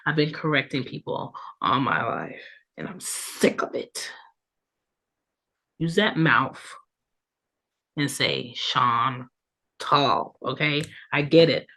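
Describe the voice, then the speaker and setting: A woman's voice: low-pitched, a bit bright. A woman in her thirties hosting her own podcast, chatting casually with lots of ums and tag questions, her voice congested from allergies. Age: 30s. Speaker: podcast host. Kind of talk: casual solo podcast talk.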